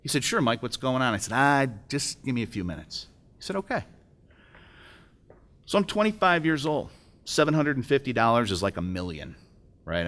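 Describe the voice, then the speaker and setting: At a business breakfast in an event hall, a middle-aged man gives an emotional personal testimony, telling a story and acting out its dialogue. His mid-range voice is sing-song and a bit bright, at normal speed with frequent pauses.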